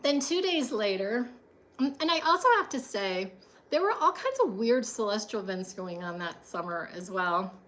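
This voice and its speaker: A woman's voice: mid-range voice, lively intonation, moderate pace, a bit bright. A woman telling a personal story in a chatty monologue, full of fillers and frequent laughs.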